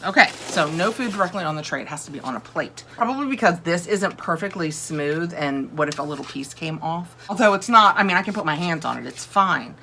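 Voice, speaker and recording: A woman's voice: deep voice, sharp tone, a little hiss or hum. A woman chatting casually through a home decor unboxing, thinking aloud and gushing over each item. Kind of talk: casual chat.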